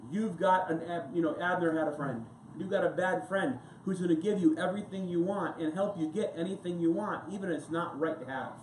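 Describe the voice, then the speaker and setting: A man's voice: high voice, brisk, hardly any pauses, a little hiss or hum. A male pastor giving a casual, rambling sermon full of anecdotes and asides. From United States. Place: church sanctuary. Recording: echoey church room with faint ambience.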